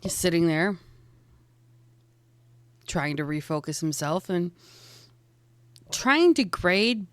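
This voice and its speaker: A woman's voice: on the low side, lively intonation, slow pace, long pauses, no room sound. A woman narrating a tabletop game as game master, describing scenes casually with fillers.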